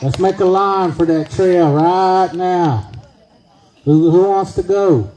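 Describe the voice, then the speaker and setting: High, mellow-voiced emcee man. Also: slow, a little hiss or hum, rough recording. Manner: upbeat, crowd-rousing. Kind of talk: hosting a live event. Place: outdoor evening gathering.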